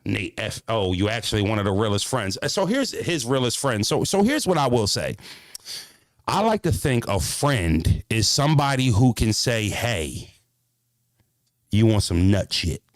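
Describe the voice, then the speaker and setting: A man with a Philadelphia accent rants to his viewers on a livestream, swearing often and leaning hard on his points. His pitch sits in the middle range, and the dry sound has no room echo. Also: normal speed. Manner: profane, animated, emphatic. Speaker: streamer. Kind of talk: casual livestream rant.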